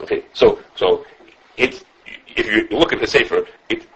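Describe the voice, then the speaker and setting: A man who teaches a class on religious law. He lectures with lively animation, thinks aloud, restarts his sentences, and quotes his sources as he takes questions from students. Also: fairly low pitch, normal speed, breathy edge, highs cut off. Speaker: rabbi teaching a halacha class.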